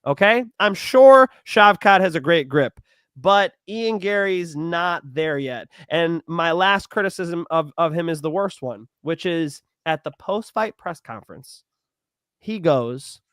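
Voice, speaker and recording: A young man co-hosting a casual sports betting talk show, blunt and animated, swearing and getting loud when worked up. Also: on the high side, unhurried, clean tone, no room sound, studio quality. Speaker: MMA podcast co-host.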